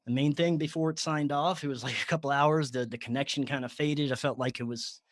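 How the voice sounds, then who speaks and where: A fairly high-voiced man recounts a personal experience in a loose, animated way. He laughs often, and his talk is full of fillers. The sound is close and dry. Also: a little fast, no echo. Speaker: podcast guest. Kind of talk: casual storytelling.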